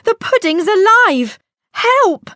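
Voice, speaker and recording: A woman's voice: fairly high pitch, very animated, unhurried, dry recording, studio quality. A woman voicing a fussy, anxious mother who dotes on her son. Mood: alarmed. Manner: anxious and doting.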